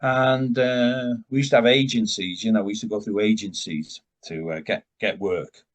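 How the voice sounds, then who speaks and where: An older man with a lowish voice spins long, rambling stories from his years in rock bands, drifting off on tangents and restarting his sentences. He talks in a casual, chatty way, as a guest being interviewed. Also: steady tone, moderate pace. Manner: rambling, digressive anecdotes with many restarts.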